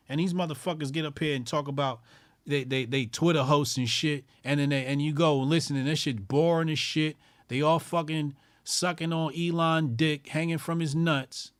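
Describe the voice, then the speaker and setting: A man hosting a call-in show, ranting in loud, profane, mocking bursts and repeating lines for emphasis. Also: on the high side, no echo, clean studio sound.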